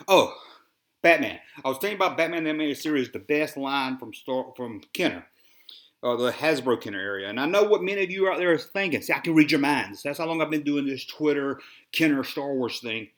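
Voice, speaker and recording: A fairly high, expressive, fairly bright voice comes from this Southern US podcast host, who talks fairly quickly in a Southern accent. Alone on his toy collector show, he rambles and rants with frequent sighs, sounding dry-mouthed.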